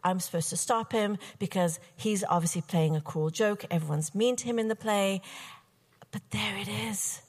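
A young adult woman performing a personal story with wry, comic timing and pauses. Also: medium pitch, long reverb tail.

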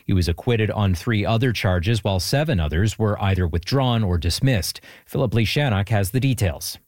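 A man's voice: on the low side, expressive, a little mellow, no room sound. A man reading a formal radio news bulletin. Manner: formal, measured. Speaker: newsreader.

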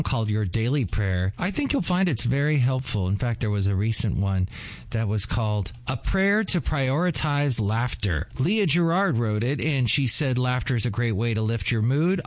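Lively dry-voiced radio announcer man. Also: medium pitch, dry recording.

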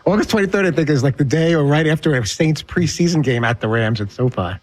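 Fast-talking higher-voiced male co-host. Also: lively intonation. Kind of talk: casual radio show banter.

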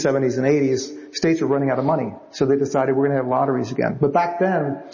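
Man, gravelly voice, animated storyteller, interview guest, slightly dull recording. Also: medium pitch. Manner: lively storyteller acting out quotes. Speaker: novelist guest.

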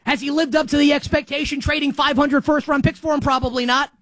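Fired-up New sports talk host, high-pitched, bursts of shouting, dry close sound. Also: no echo. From New York. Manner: animated, emphatic, rapid-fire repetition, frequent shouting. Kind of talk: excited sports talk monologue.

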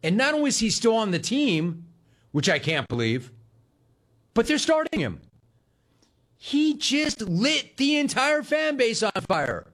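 A man's voice: very high-pitched, wildly swooping pitch, measured pace, long pauses, a bit bright. Heated, sarcastic man ranting on sports. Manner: sarcastic, heated, mocks the player in put-on voices. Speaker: sports talk host. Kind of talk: sports radio rant.

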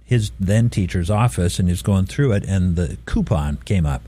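Man, middle-aged, radio host, easygoing storyteller, warm low voice, dry sound. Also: lively intonation, normal speed, no room sound. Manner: easygoing storyteller, chuckles often. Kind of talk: casual on-air chat.

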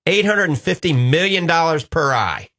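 A man's voice: a little high, lively intonation, moderate pace, sharp tone. A man with a New Orleans accent hosting a call-in radio show, upbeat and reassuring, laughing easily with callers. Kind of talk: casual call-in radio chat.

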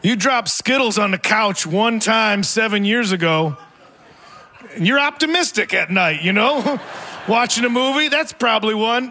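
A man in his forties works a live theater crowd with rambling, self-deprecating stand-up, chuckling through his own lines. His voice sits high and sounds bright and forceful. A faint hum of room noise sits underneath. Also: lively intonation, moderate pace. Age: 40s. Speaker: stand-up comedian. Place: theater stage before a live audience.

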